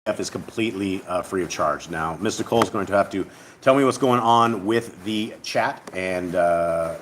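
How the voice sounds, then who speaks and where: A man's voice: low-pitched, normal speed, a bit bright, slight background noise. Rambling man leading a Bible study. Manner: rambling, conversational, reads scripture aloud. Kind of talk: casual Bible reading and teaching.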